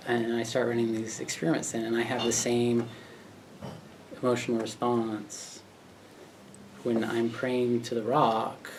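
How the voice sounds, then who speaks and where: An American man recounts his story to an audience gathered in a pub. He is animated, laughs often and acts out the voices of other people. The recording picks him up from a distance, with a faint hum of the room behind him. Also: medium pitch. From United States. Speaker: speaker at a talk. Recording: distant mic with faint background noise.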